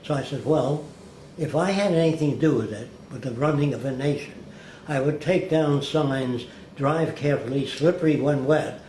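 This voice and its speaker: An older man tells anecdotes at an unhurried, deliberate pace, now and then mimicking how others talked. His voice sits at an ordinary middle pitch. It rings a little in a reverberant room, with a faint hiss of noise underneath. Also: a little mellow. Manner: deliberate, slow-paced storyteller who mimics others' words. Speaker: interviewee. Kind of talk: anecdotal storytelling.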